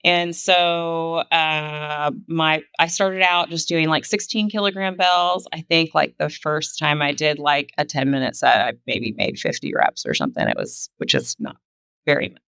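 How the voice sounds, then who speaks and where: A woman, a kettlebell athlete, talking through her career in a relaxed way with lots of fillers on a podcast. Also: sits low, a little slow, vocal fry, smooth, dry recording. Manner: laid-back storytelling with many fillers. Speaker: guest, kettlebell sport athlete. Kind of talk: casual podcast conversation.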